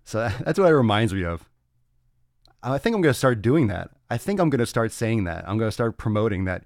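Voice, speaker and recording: A man hosting a casual solo podcast, loud, laughing and profane, talking on a close mic. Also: fairly low pitch, big pitch swings, brisk, no echo. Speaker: podcast host.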